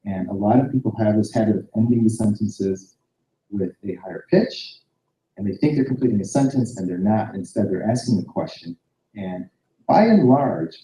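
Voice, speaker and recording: A man's voice: on the low side, warm tone. A man giving practical presentation advice to a class. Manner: practical, explanatory. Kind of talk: classroom lecture. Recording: distant mic in echoey room.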